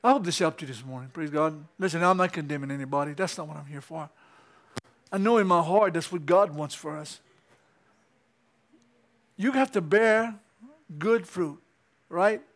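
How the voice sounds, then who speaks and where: A male preacher, giving an animated sermon in church that climbs to excited peaks. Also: a little high.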